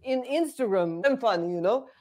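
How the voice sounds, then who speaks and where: A woman, an English speaker, talking frankly in a documentary interview with many pauses. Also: on the high side, lively intonation. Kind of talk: candid interview.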